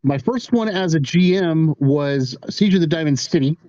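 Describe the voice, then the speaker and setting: A man on a podcast thinks back over old games, pausing and restarting as he remembers. His voice sits a little high, and the sound is dull and dry. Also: expressive, mellow, dry recording. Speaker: podcast co-host. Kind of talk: casual chat.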